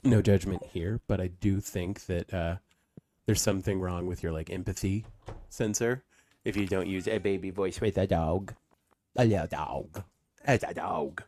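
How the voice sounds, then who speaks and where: A low-voiced man streams a farming game, chatting casually at a moderate pace with a steady tone and plenty of fillers. Every so often he slips into soft baby talk aimed at his dog.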